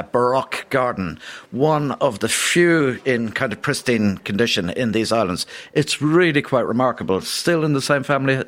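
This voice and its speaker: A man's voice: medium pitch, fairly bright tone. A man guesting on a live radio panel, with a middling voice. He talks with real enthusiasm but stops and starts, and his sentences are dotted with fillers. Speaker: gardener, studio guest.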